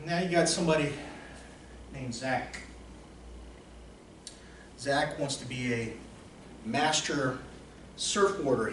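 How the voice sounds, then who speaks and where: A man acting as a motivational coach, telling stories in an emphatic, repetitive way that swings between soft and loud. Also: medium pitch, slow, long pauses. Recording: roomy echo, distant mic, faint noise.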